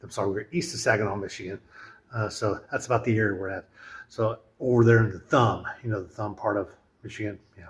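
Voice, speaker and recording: A man's voice: lowish voice, steady tone, quick pace, slightly rough. A man chatting casually as he tours a lodge room, rambling with lots of fillers and restarts. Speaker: vlogger touring a lodge. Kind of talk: casual walkthrough narration.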